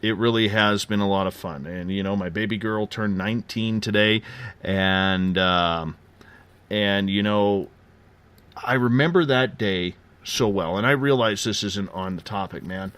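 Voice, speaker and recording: A man's voice: on the low side, unhurried, fairly bright tone, smooth. A man in his forties hosting a radio show, telling a personal story with many fillers and a lot of emotion. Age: 40s. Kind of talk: casual radio chat.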